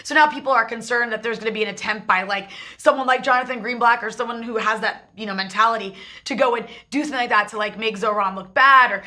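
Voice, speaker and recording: A woman's voice: on the high side, fast talker, few pauses, pushed and bright. A woman hosting a political talk show, delivering emphatic commentary in long run-on stretches. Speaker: show host.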